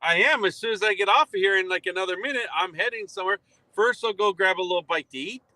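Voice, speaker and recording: A man's voice: sits high, fast talker, bright, forceful tone, dry recording. A man calling in over a video call, laid-back and dry-witted in casual chat. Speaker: remote guest correspondent.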